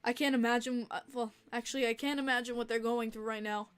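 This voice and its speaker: A woman's voice: fairly high pitch, steady tone, fast talker, clean tone. A woman hosting a casual livestream podcast, talking emotionally and rambling with many fillers and restarts. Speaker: podcast host and streamer.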